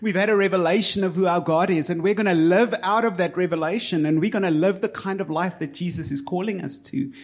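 A man preaching a sermon to his congregation, earnest and building to emphatic peaks before dropping soft and low. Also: fairly quick, few pauses. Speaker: pastor.

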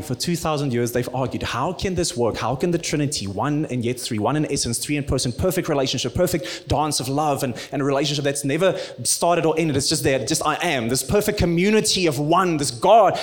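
A man preaching a sermon, rising to loud emphatic peaks and dropping to hushed, low tones. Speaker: pastor.

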